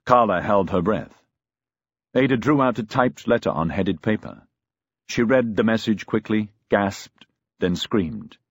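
A man's voice: on the low side, unhurried, dry recording, clean studio sound. A man narrating a novel as an audiobook, telling the story expressively.

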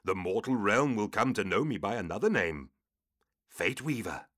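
Brief: male narrator doing a cryptic old two-headed demon oracle, deep low hiss, dry studio. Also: animated, fairly bright tone, no echo. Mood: ominous. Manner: hissing, low and measured. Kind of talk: audiobook character voice.

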